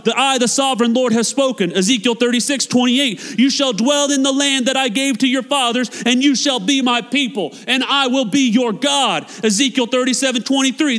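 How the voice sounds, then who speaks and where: A man preaching a sermon as a pastor, passionate and swinging between loud appeals and hushed, quiet lines. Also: extremely high pitch. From United States. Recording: long hall reverb.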